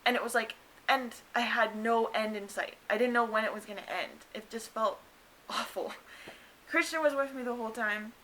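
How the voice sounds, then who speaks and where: Young woman, chatty storyteller, bright and a bit high, light hiss behind. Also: normal speed, poor audio. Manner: chatty, many "like" fillers, acts out quotes in higher voice. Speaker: new mother telling her birth story. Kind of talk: casual storytelling to camera.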